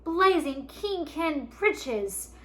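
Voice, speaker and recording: A bellowing peasant father from a storybook, played by a woman. He roars and blusters in a loud voice that runs high and bright. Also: sing-song, measured pace, full character voice. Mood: blustering. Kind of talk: storybook read-aloud.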